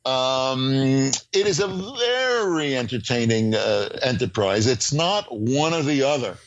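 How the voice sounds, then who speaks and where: An older man speaking as a guest on a podcast, mid-pitched and emphatic. He tells his stories with energy, restarting sentences and padding them with fillers as he thinks aloud. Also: measured pace, lo-fi sound. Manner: animated storyteller, emphatic, frequent fillers and restarts. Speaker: screenwriting professor guest. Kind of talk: podcast interview.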